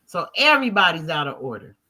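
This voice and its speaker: Forceful, emphatic woman livestream host. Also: deep voice, big pitch swings, fast talker. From Colorado. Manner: emphatic, repetitive, preacher-like. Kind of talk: heated livestream talk.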